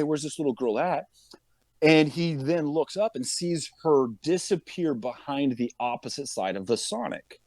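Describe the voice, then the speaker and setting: Man telling a story, animated and dry-sounding. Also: medium pitch, no echo. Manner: animated, acts out quotes of others. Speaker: podcast guest, police officer. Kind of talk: casual storytelling.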